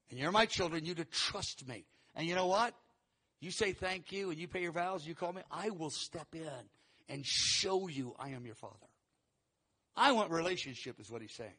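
A man preaching a sermon, teaching verse by verse and acting out quoted lines with animated, rising emphasis. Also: high-pitched. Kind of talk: sermon teaching through scripture.

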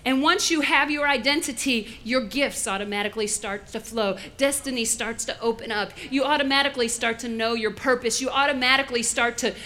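Bright high-voiced woman preaching. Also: fairly quick, hardly any pauses. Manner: animated, playful preaching with laughter and call-and-response. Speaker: pastor. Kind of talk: sermon.

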